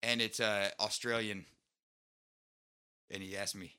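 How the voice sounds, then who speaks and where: A man co-hosting a podcast, telling a rambling story in casual chat, swearing freely and jumping his pitch for quoted voices. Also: little pitch movement, a little slow, pushed and bright, smooth. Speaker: podcast co-host.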